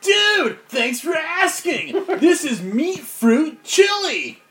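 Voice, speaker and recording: A man voicing a dim, laid-back surfer-dude monster chef who talks in loud, high surfer slang. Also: big pitch swings, slow, slight background noise, full character voice. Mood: excited.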